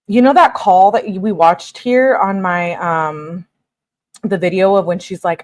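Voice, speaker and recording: A woman commentating casually to viewers while reading out text messages, chatty and expressive. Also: lowish voice, unhurried. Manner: chatty, expressive, frequent "like" and laughs, addresses viewers as lovies. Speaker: true-crime commentator reading texts aloud.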